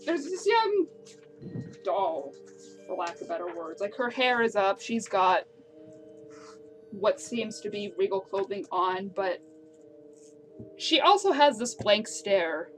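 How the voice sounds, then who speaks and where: A woman's voice: medium pitch, sing-song, slow pace, long pauses, soft background music. A woman narrating as game master of a tabletop game, describing scenes and laughing along with her players.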